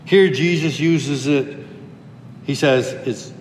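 A man's voice: a little high, takes it slowly, slight background noise. Man preaching in an echoey hall. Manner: teaching, explains Greek words. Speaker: pastor. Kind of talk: expository sermon. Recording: echoey hall with long reverb.

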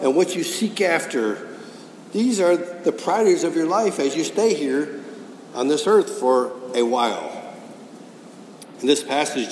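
A man's voice: a little high, darkish tone, slight background noise. A man preaching a sermon, pressing his points with rhetorical questions and repetition. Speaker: pastor. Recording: echoey hall with faint ambience.

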